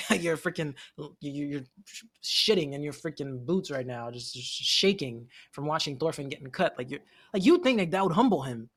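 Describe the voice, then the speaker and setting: A man in a casual anime discussion, lively and quick to laugh. He jumps into the characters' voices as he retells scenes, then drops back into his easy chatting tone. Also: on the high side. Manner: animated, laughs often, acts out characters' lines. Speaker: podcast co-host.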